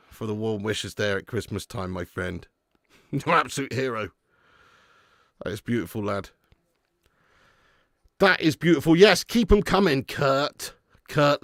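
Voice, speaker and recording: A man hosting a live match watch-along, chatting excitedly with viewers and calling them mate and lad. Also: medium pitch, no echo, clean studio sound. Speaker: fan channel host doing a live match watch-along. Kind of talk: casual live-stream commentary and chat.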